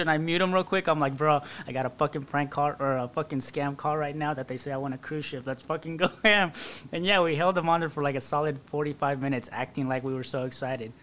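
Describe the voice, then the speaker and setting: A man's voice: fairly high pitch, fairly even intonation, quick pace, a bit bright, a little hiss or hum. Laughing, profane man telling stories. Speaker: podcast co-host. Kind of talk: casual chat.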